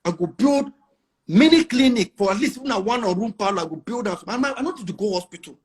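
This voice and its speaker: A man's voice: sits high, animated, fast talker, slightly rough. A middle-aged Nigerian man with a Nigerian accent, talking casually as an interview guest, boastful and emphatic, mixing in pidgin. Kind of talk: casual chat.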